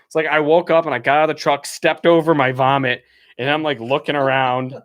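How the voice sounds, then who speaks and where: Animated young man telling a story. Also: a little high, brisk, no room sound, clean studio sound. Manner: animated, laughs often, acts out what people said. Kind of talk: casual storytelling on a live stream.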